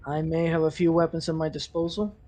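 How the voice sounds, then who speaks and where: A man voicing a big, strong male dwarf forge master who calmly offers a trade. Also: a little high, brisk, soft background music, close to an everyday voice. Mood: dealmaking.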